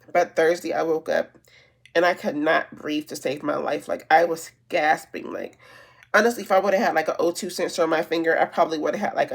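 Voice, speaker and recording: A woman's voice: fairly low pitch, gravelly, breathy edge. A woman chatting casually while doing her makeup, telling a long story with lots of fillers and restarts. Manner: rambling storytelling with many fillers. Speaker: beauty vlogger. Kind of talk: casual get-ready-with-me chat.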